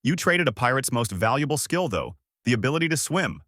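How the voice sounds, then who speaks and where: A man doing Koby, a jittery, high young cabin boy. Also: big pitch swings, a little fast, no echo, studio quality. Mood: nervous. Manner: nervous, shrill yelling. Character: timid, jumpy young male cabin boy.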